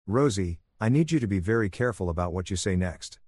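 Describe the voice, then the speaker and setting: A betrayed husband who stays eerily calm and controlled as he lays out his threats, as a male narrator reads his lines. The voice is low-set and steady. It is recorded close and dry, with no echo. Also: fast. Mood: cold. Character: cold, vengeful betrayed husband, adult man.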